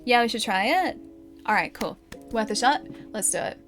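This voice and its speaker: A woman's voice: fairly high pitch, animated, normal speed, fairly bright tone, faint music behind. An Australian woman streaming live, casually thinking aloud and chatting with her viewers.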